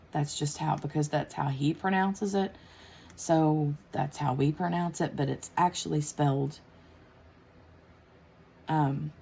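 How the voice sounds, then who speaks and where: Low-pitched woman in her thirties, casual craft vlog host, meandering delivery. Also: dark tone. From United States. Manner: rambling, many fillers and restarts. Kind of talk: casual chat while crafting.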